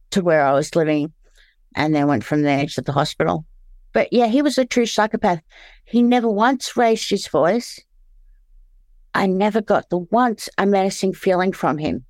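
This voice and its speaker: An Australian woman telling her story candidly as an interview guest, halting and searching for words, often restarting. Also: lowish voice, a little mellow, no room sound.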